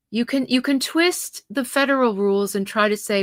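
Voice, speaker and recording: A woman's voice: on the high side, expressive, moderate pace, few pauses, no echo, studio quality. A middle-aged woman hosting a livestream, talking passionately and indignantly, reacting to her viewers' comments. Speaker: host.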